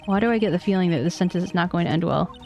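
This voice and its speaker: A woman's voice: lowish voice, rapid-fire, a little mellow, soft background music, lightly acted. Woman reading as a wry young male lawyer. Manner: dry sarcastic asides. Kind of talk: reading game dialogue aloud.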